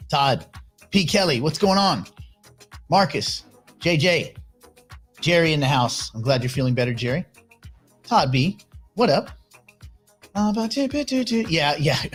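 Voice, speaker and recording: A man hosting a casual livestream, giving blunt, opinionated commentary and greeting viewers by name as they join. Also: a little high. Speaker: livestream host reading chat.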